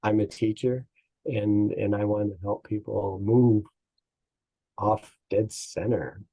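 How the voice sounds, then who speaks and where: A man's voice: fairly low pitch, fairly even intonation, slow, highs cut off. A man speaking as an interview guest and business coach, telling folksy stories with chuckles. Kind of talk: casual interview talk.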